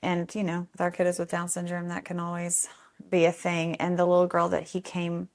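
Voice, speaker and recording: A woman telling stories from the foster home she runs, conversational and animated, voicing other people in the story with sudden jumps in pitch. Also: brisk. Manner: animated, acts out quotes with big pitch jumps.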